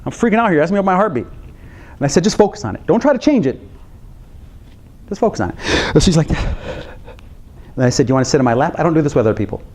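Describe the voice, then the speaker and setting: A man's voice: on the high side, brisk, pauses often. A middle-aged man, a psychologist, telling a story in a talk to counselors and acting out his daughter's reactions. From United States. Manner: animated, acts out his daughter's reactions with laughs and gasps.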